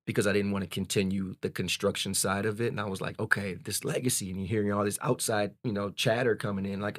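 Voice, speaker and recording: A man in his forties, a podcast guest telling a personal story in a candid, animated way. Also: on the low side, fast, few pauses, no echo, studio quality. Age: 40s. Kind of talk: casual storytelling.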